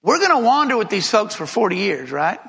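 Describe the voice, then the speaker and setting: Guy teaching bible class, bright sharp voice w gravel in it, asks the room lots of questions. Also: high voice, big pitch swings, brisk. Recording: reverberant room recording.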